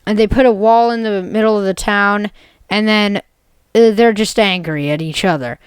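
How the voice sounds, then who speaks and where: Casual woman video creator, mid-pitched, rambles through a jokey made-up story. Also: normal speed, smooth, no echo. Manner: rambling, jokey, full of "basically" and "like". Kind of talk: rambling comic story retelling.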